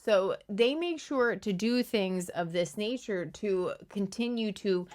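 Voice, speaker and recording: A woman's voice: medium pitch, slow, darkish tone. A woman from Philadelphia with a Philadelphia accent, hosting a casual, opinionated commentary video. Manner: conversational, opinionated, analytical. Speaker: commentary channel host.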